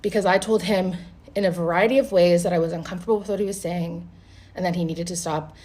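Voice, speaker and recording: A woman telling a first-date story to camera in a casual, animated way, swearing freely and acting out both sides of the conversation. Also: lowish voice, quick pace.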